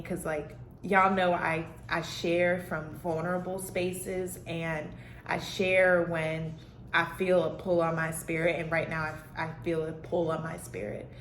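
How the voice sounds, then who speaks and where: A woman's voice: lowish voice, steady tone, unhurried, a bit bright, echoey room, slight background noise. A woman talking to her own camera alone at home, candid and rambling in a casual, heartfelt vlog style with many fillers. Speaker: vlogger on healing and mental health. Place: alone in a room at home with plants and a dog. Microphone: self-recorded camera.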